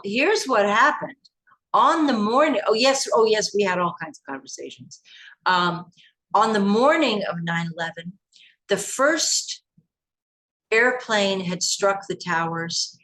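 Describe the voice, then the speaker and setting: A woman from the United States, an interview guest, telling past events in an animated, emphatic way with many restarts. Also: medium pitch, a little slow, poor audio.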